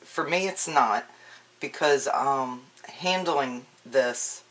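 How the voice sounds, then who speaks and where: A woman's voice: extremely low pitch, slow. Woman demonstrating a craft at home; easygoing, rambling delivery full of ums, recorded on a camera mic. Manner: chatty, relaxed, frequent ums and restarts. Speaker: craft tutorial maker. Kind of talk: casual crafting tutorial.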